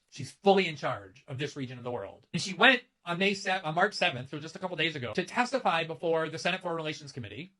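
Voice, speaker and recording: A man's voice: a little high, sharp tone. A man delivering an emphatic, sharply critical political commentary to camera. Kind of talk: scripted commentary video.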